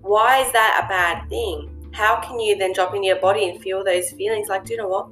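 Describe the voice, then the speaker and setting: A woman's voice: medium pitch, fairly even intonation, normal speed, fairly bright tone, faint music behind. A woman hosting a casual monologue, speaking earnestly and reflectively with plenty of ums and you-knows. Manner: earnest, reflective, lots of fillers. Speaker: host.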